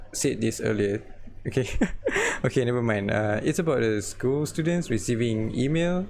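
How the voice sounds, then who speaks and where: A man's voice: medium pitch, vocal fry, darkish tone, slight background noise. A man co-hosting a casual podcast chat, stuttering and restarting often, with frequent laughs. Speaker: podcast co-host.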